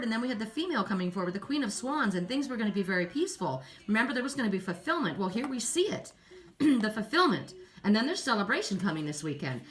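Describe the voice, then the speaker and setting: A woman doing a casual spiritual card reading. She often repeats words, clears her throat and rises in pitch when excited. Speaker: oracle card reader.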